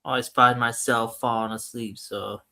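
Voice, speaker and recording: A man on a podcast making low-key, sleepy remarks in casual chat. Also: steady tone, moderate pace, creaky, sharp tone.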